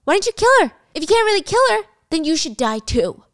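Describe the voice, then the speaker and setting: A woman voicing a furious young man who is a killer, shouting threats in a retold story. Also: sits high, expressive, moderate pace. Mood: accusing.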